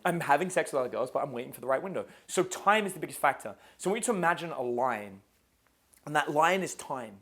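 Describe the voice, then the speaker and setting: A man's voice: a little high, expressive, fast talker, a bit bright. A man teaching a live dating seminar in a casual, swearing style, quizzing his audience. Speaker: dating coach.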